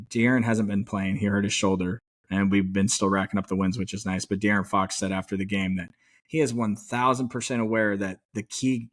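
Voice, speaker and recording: A man co-hosting a podcast, chatting about sports as an excited, rambling fan with some mild swearing. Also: on the low side. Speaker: podcast co-host. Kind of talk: casual sports chat.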